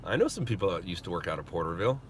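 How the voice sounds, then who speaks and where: A man's voice: low-pitched, big pitch swings, very fast, a little hiss or hum. A man working as a news stringer, chatting and joking with live-stream viewers from inside a parked car, talking into his phone. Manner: joking, chatty, laughs often. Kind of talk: casual live-stream chat.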